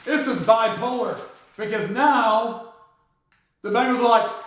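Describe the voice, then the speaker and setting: A man with a very high voice hosts a football news podcast, sarcastic and jokey as he rants. His voice rings in a very echoey room. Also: takes it slowly, fairly bright tone. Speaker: podcast host. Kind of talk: casual football news rant.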